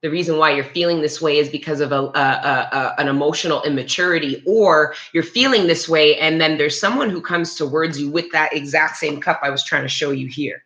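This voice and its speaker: A tarot reader does a live-streamed reading in a low, fairly quick, slightly bright voice with few pauses. She rambles and chats with lots of restarts, speaking directly to the viewers in her live chat, and the recording has a roomy echo.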